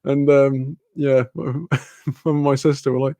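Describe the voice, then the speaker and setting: A young man with a Newcastle accent, his voice gravelly and a bit fried, rambles through a casual livestream chat. He laughs a lot and swears freely, and the sound is close and dry with no room echo. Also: medium pitch, steady tone, very slow, long pauses, mellow. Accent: Newcastle English. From Newcastle, England. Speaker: streamer reading chat.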